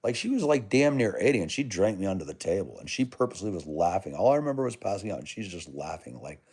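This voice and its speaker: A chummy American man with a lowish voice, talking casually on a livestream and answering viewers. His pitch jumps around a lot as he rambles, calling people brother and man. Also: very animated, fast, a little mellow, slightly rough. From United States. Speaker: livestream host. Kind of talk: casual live chat reading comments.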